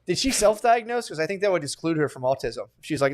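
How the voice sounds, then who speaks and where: A man's voice: a little high, big pitch swings, quick pace. A man co-hosting a podcast, rambling through crude jokes in casual banter and laughing often. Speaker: podcast co-host.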